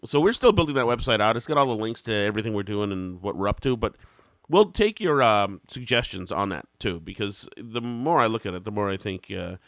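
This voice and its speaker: A man's voice: lowish voice, lively intonation, brisk, few pauses, fairly bright tone, no room sound. A man in his forties hosting a casual podcast, rambling and self-deprecating, with a head cold that makes him sound congested. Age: 40s. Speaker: podcast host.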